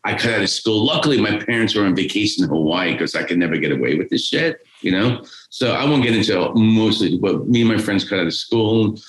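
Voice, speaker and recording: A man's voice: on the low side, animated, a little fast, hardly any pauses. A man, telling a rambling, profane story as a podcast guest. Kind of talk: casual storytelling. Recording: roomy echo.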